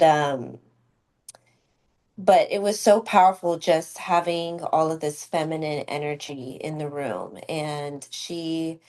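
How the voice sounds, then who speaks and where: A woman speaks in a low, grounded voice in a relaxed podcast chat. She tells an emotional story from her work as a doula, emphatic and heartfelt. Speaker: doula and student midwife. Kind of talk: casual podcast conversation.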